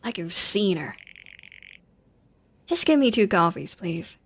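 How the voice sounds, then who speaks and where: A woman's voice: mid-range voice, sing-song, takes it slowly, slightly rough, full character voice. A woman voicing an eager, fame-seeking male ghost hunter in a game, talking in a chatty way.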